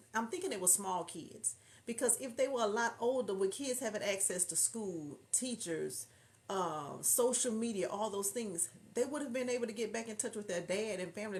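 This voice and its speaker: A woman from Houston with a Southern drawl, hosting a casual livestream, chatting and reading viewer comments aloud. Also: medium pitch. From Houston, Texas. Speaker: livestream host reading chat. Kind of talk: casual chat.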